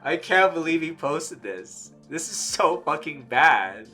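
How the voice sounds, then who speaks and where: A man's voice: on the high side, big pitch swings, slow, few pauses, sharp tone, soft background music. A young man giving blunt, exasperated reaction commentary, swearing freely and mocking what he reads. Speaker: commentary streamer.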